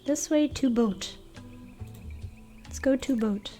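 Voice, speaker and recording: Woman streamer, relaxed game commentary, slow and mellow, slightly high voice. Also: soft background music. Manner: relaxed, wondering aloud.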